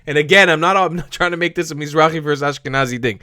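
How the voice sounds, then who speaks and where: Guy ranting angrily at a clip, swears a lot, kinda high voice, dead dry room. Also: fast talker, hardly any pauses, bright, forceful tone, clean tone, no room sound. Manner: swearing, angry, repeats himself. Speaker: reaction video host. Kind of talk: heated reaction commentary.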